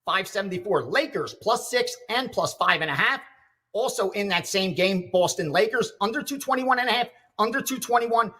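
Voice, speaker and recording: A man reads betting picks on a sports show and tells stories with fervent, preachy conviction. His voice sits high and sounds husky. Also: expressive, moderate pace, sharp tone. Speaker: sports handicapper. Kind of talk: reading picks, then casual chat.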